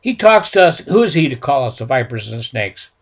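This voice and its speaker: A man voicing a crowd of furious, indignant temple leaders, shouting in outrage. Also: medium pitch, lively intonation, brisk, breathy edge. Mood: outraged.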